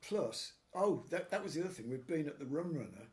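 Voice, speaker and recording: A man's voice: fairly high pitch, expressive, a little fast, a little mellow. A man guesting on a casual chat, adding brief agreements and dry corrections. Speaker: guest musician. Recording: noisy room recording.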